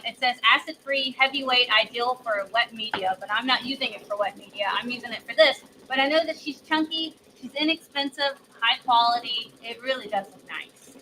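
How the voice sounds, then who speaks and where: A woman with a fairly high, sharp voice hosts a live embroidery demo, chatting and gushing with frequent laughter. She sounds a little congested and mentions being on cold medicine. The low-quality recording carries slight background noise.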